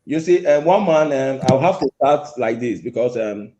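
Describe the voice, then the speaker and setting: A man's voice: mid-range voice, animated, normal speed, warm tone, lo-fi sound. Insistent man, echoey line. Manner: insistent, repetitive, confrontational. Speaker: caller. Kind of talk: heated call-in argument.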